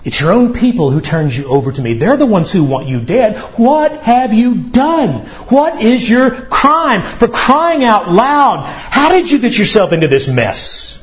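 A man's voice: high-pitched, sing-song, a little slow, hardly any pauses, highs cut off, voice pushed up. A man voicing an exasperated adult Roman governor, incredulous and dismissive, questioning a prisoner. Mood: scoffing.

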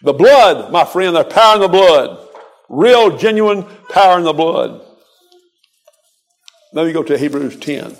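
A man's voice: on the high side, sing-song, a little slow, gravelly, long pauses. An older man preaching a folksy, exhorting sermon, quoting scripture in a rhythmic cadence.

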